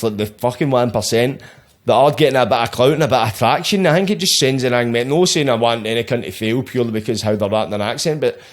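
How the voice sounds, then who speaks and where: A Scottish man hosting a podcast in casual chat, sweary, rambling and animated. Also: mid-range voice. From Scotland. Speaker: podcast host.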